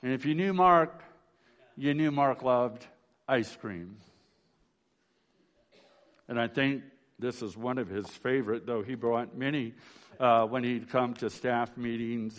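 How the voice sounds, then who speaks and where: A man, a pastor, giving a memorial sermon in a folksy storytelling way, often restarting phrases and asking "right?". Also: medium pitch. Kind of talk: funeral sermon.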